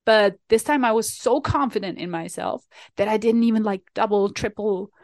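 A woman's voice: medium pitch, moderate pace, a little mellow, no room sound. A young woman from Switzerland, chatting casually to her viewers and telling a self-mocking story with lots of fillers and restarts. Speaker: vlogger.

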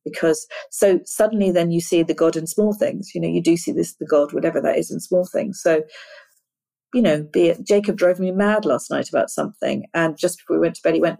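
A middle-aged woman in a candid interview, her low voice carrying a gravelly rasp. She speaks earnestly and thoughtfully, stumbling and repeating words as she searches for what she means. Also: a little fast, mellow. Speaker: interview guest, screenwriter.

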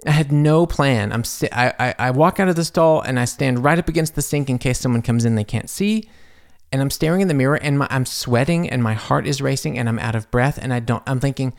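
Gravelly-voiced man telling a story. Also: brisk. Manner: animated, jumps high when quoting himself; rambling with restarts and asides. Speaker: podcast host. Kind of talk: casual storytelling monologue. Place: home studio.

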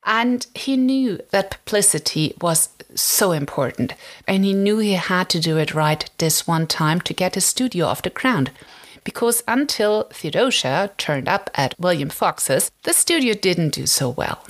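A woman's voice: fairly low pitch, a little slow. A woman hosting a podcast, telling old film history in a chatty, casual way, often saying "like" and stressing words with animation. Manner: chatty, frequent "like" fillers, animated emphasis. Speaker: podcast host.

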